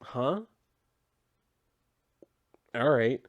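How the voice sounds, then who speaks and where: A man's voice: medium pitch, expressive, drawn-out words, dry recording, muffled recording. Sarcastic, rambling male comic reviewer. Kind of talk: casual recap.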